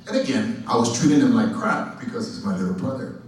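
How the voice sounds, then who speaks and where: A man's voice: medium pitch, lively intonation, fairly quick, darkish tone, a little hiss or hum. A man, an actor on a convention panel, telling a story in a casual, blunt way. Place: large convention hall. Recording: echoey convention hall, distant mic.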